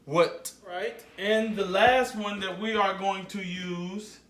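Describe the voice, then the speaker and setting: Slow, bright-voiced man teaching phonics. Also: sits high, steady tone, distant mic. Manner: slow, repeats words for children to echo. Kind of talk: phonics lesson for young children.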